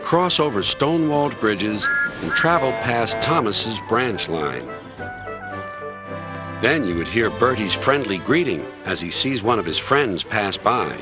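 A middle-aged man from the United States telling a children's story in a gentle, measured way. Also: fairly low pitch, expressive. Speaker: narrator. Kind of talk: scripted storybook narration. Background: music.

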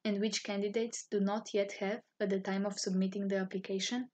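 Woman, English, husky breathy tone, formal scripted narration. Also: medium pitch. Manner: formal, even-toned reading. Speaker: university student office staff.

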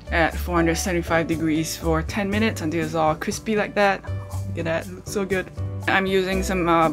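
Chatty woman food vlogger, faint music. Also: lowish voice. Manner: chatty, step-by-step, frequent ums and uhs; talks to viewers directly, asks them questions. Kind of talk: casual cooking and mukbang chat. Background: faint background music.

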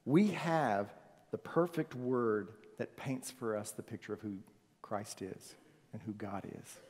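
Man preaching in a reverberant church. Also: medium pitch. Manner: swings from loud emphasis to near-whispered softness. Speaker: pastor. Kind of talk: sermon. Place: church sanctuary. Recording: long reverb of a church hall.

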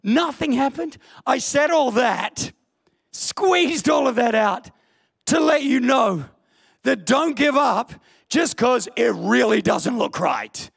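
A man preaching an impassioned sermon in church, often bursting into shouts. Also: very high voice, lively intonation, slow pace, creaky, husky. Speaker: pastor. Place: church hall.

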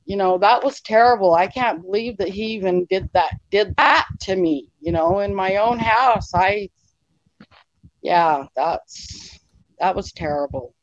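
A woman's voice: mid-range voice, a little slow, no echo, dull audio. A woman guest telling a personal story in a rambling, emotional way, acting out what people said. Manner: rambling, emotional retelling with quoted dialogue. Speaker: interview guest. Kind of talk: casual storytelling.

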